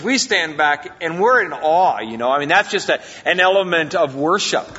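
A man preaching a sermon as a pastor, emphatic, swinging between loud and quiet. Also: high voice. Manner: emphatic preaching, rises and drops in volume. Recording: long hall reverb, dull lo-fi sound.

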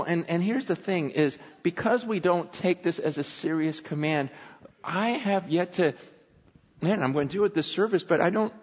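High-voiced preacher in an echoing hall. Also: male voice. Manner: conversational, animated, acts out quoted voices. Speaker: pastor. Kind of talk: sermon. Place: church sanctuary. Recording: muffled hall recording with long reverb.

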